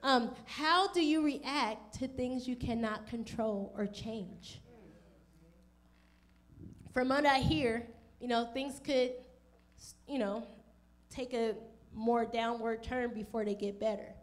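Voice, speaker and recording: A woman's voice: fairly high pitch, slow, pauses often. A woman pastor preaching a sermon to an online congregation, asking direct questions and acting out the people in the story. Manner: animated, acts out voices of people in the story.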